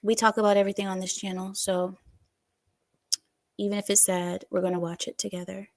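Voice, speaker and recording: A woman hosting a livestream, chatting casually and reading out viewer comments in an animated, talkative way. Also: mid-range voice, brisk, no room sound. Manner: chatty, animated, breaks into silly voices and laughs. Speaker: livestream host.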